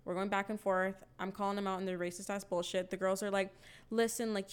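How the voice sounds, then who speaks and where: A woman's voice: mid-range voice, fairly quick, clear, resonant tone. A young woman telling a story in casual chat, swearing freely and acting out the quotes with energy. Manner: animated, profane storytelling with acted-out quotes.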